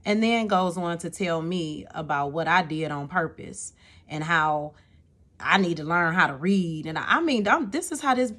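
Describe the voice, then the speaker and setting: Animated woman venting a story. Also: lowish voice, a little slow. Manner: animated and exasperated, repeats words, talks to viewer with "okay?". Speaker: vlogger telling a personal story. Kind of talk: casual storytelling to camera.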